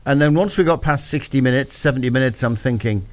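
A man's voice: medium pitch, fast talker, few pauses, darkish tone, no echo. A man, recapping a football match on a breakfast radio show, telling it as a story and acting out his own thoughts.

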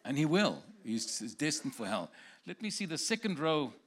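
A man's voice: a little high, sing-song, normal speed. A man preaching as a guest in a church, giving prophetic words to people in the congregation one by one and joking with them.

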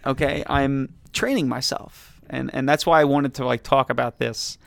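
A man who drops his g's, co-hosting a podcast in animated, exasperated casual chat. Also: mid-range voice, normal speed, vocal fry. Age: late 30s. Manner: drops the g's in words ending in -ing. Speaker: podcast co-host.

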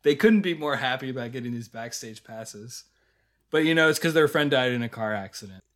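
A male podcast co-host with a medium-pitched, expressive, slightly bright voice speaks fairly quickly. In a casual review chat, he retells scenes and laughs often.

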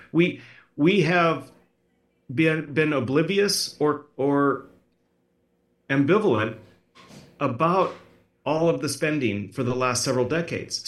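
A man's voice: mid-range voice, a bit bright, reverberant. A man as a political candidate guest in a podcast interview, talking emphatically and repeating words as he presses his points. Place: podcast studio.

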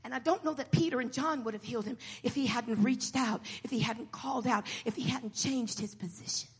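A woman preacher delivering a sermon in a church hall, moving from quiet storytelling to shouted exhortation. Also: on the high side, fairly quick, breathy edge. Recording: long hall reverb.

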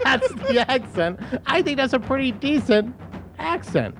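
A male podcast co-host chatting casually and rambling, with frequent filler pauses. His voice is high and lively, swinging widely in pitch. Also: background noise. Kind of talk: casual comedy chat.

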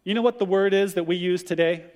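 Male pastor, sermon; higher voice, acts out quotes with animation; long room reverb. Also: quick pace, darkish tone.

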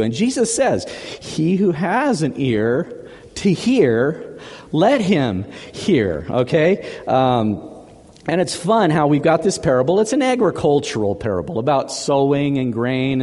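Lively preacher with an animated voice. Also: male voice, medium pitch, in a large hall. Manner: animated and chatty, stacks up repeated words. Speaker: pastor. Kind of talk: sermon.

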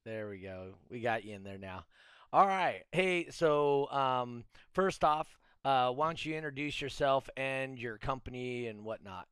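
A man hosting an interview show, talking in a relaxed, joking way over a video call. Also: medium pitch, unhurried, clean tone, no echo, clean studio sound. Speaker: podcast host.

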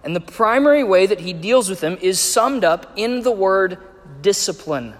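A man preaching a sermon, measured and emphatic as he reads and explains scripture. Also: high-pitched, lively intonation. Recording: echoey hall with long reverb.

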